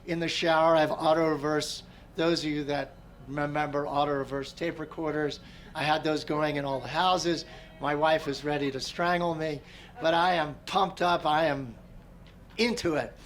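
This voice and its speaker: A man's voice: a little high, normal speed. Chatty middle-aged man teaching a class. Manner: relaxed and conversational, with frequent throat clearing. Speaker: meditation teacher. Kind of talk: storytelling class talk. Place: large tent at an outdoor gathering.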